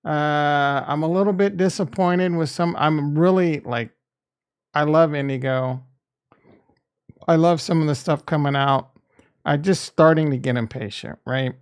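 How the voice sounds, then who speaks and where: Candid, rambling man with a smooth voice. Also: a little high, measured pace. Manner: candid, rambling, swears freely. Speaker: crypto investing channel host. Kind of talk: casual rambling monologue.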